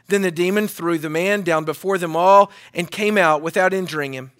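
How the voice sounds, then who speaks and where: A man's voice: on the high side, normal speed, hardly any pauses, a bit bright. A male pastor giving a sermon, reading scripture and preaching in an earnest style with call-and-response to his church. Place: church sanctuary.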